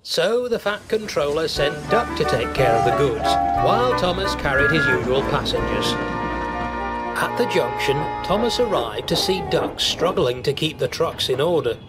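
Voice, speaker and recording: A man narrating a children's story in an even, steady way. His voice sits a little high for a man. Loud music plays under the narration throughout. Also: normal speed.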